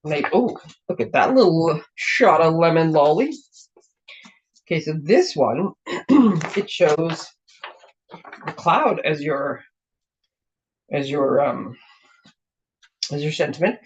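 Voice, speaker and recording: Chatty hoarse woman demoing crafts. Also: low voice, lively intonation, takes it slowly, pauses often. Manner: chatty, rambling, self-interrupting. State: slightly hoarse, clearing her throat. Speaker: craft demonstrator and show host. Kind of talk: casual card-making demo. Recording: dull lo-fi recording.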